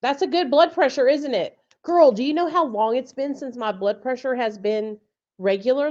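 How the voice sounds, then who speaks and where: A woman's voice: sits high, normal speed, a little mellow, muffled recording. A woman hosting a casual live chat, talking bluntly with frequent swearing and laughter over a video call. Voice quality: blunt, profane, laughs often. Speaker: podcast host.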